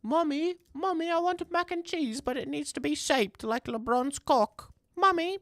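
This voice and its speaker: A man voicing a whiny little boy begging his mommy in a high, pleading tone. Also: a little slow, a bit bright, no echo, heavily acted. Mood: whining. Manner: high whining plea.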